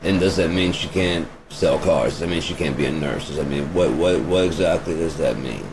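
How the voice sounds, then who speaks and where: A man's voice: a bass voice, a little fast. A man vlogging an off-the-cuff opinion rant, blunt and profane, firing off rhetorical questions. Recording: steady vehicle road noise behind voice.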